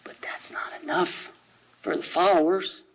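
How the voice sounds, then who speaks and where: A man giving a conversational sermon at a church service, reading quotations aloud slowly and asking the congregation rhetorical questions. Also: sits high, flat delivery, whispered, rough recording.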